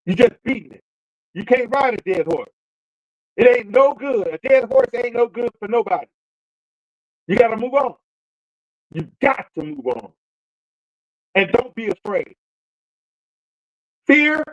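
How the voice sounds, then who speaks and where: A man's voice: very high voice, animated, unhurried, long pauses, dry recording, highs cut off. A man hosting a show, giving a preacherly motivational talk and repeating phrases for emphasis. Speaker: show host.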